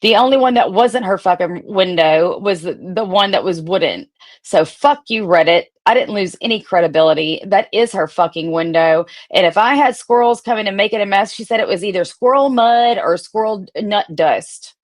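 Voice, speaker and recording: A woman's voice: medium pitch, normal speed. Profane, sarcastic woman ranting. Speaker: streamer reading her old text messages. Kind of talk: casual ranting commentary.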